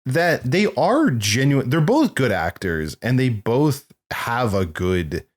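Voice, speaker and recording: Animated, rambling podcast co-host, male. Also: medium pitch, takes it slowly. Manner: rambling, laughs often. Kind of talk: casual chat about films.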